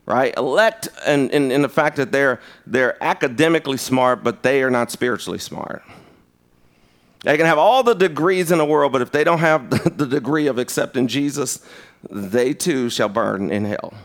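A man preaching a conversational sermon. He tells stories in an animated way, and his pitch jumps sharply. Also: normal speed.

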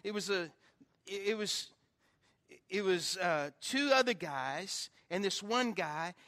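A man's voice: sits high, animated, takes it slowly, sharp tone. A male pastor preaching a sermon in a church, telling stories in a chatty way and joking about his own faults. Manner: conversational storytelling with self-deprecating humor.

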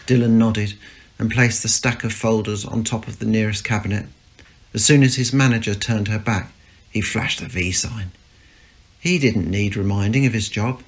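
A man's voice: on the low side, normal speed. Man reading a story aloud. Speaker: story reader.

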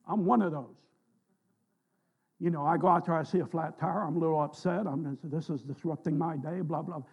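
Gravelly, husky preacher with a mellow voice. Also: male voice, a little high, steady tone, moderate pace, dull audio. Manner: folksy storytelling preacher, rising emphatic on scripture. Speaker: pastor. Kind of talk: sermon. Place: church sanctuary.

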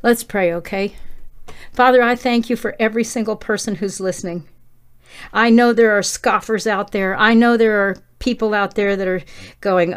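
A middle-aged woman leading a passionate prayer and sermon, pleading and fervent, rising toward shouting. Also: medium pitch, normal speed, clean tone. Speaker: preacher.

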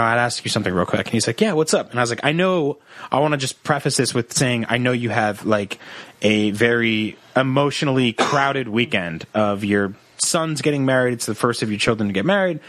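A young man on a comedy podcast, telling a long personal story in an animated, joking way and acting out the people in it. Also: medium pitch, a little fast, no echo. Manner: animated storyteller, acts out quoted voices. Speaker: podcast co-host.

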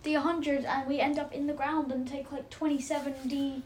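A woman's voice: high voice, flat delivery, moderate pace, a little mellow, reverberant. A woman playing a tabletop game, chatting casually. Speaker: player. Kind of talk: casual play chat.

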